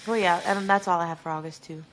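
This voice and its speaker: A woman co-hosting a podcast, chatting casually in a relaxed, joking way. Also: lowish voice, quick pace, slight background noise. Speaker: podcast co-host. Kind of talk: casual chat.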